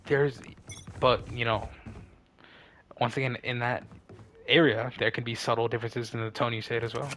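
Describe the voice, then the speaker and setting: A man's voice: mid-range voice, little pitch movement, normal speed, long pauses, a bit bright, slight background noise. A young man rambling casually with slang and lots of fillers while he plays a game. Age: young adult. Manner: laid-back slangy rambling with many fillers. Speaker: streamer.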